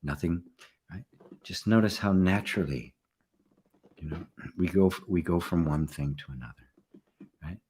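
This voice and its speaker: An older man, a spiritual teacher, giving a relaxed satsang talk, often checking in with "right?" and soft laughs. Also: low voice, normal speed, long pauses, a little hiss or hum. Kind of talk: satsang talk, answering questions.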